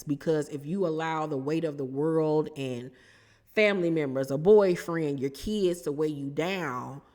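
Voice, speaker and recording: A sassy, animated woman with recaps reality TV in casual commentary and laughs often. Her voice sits fairly low, and a long reverb trails behind her words.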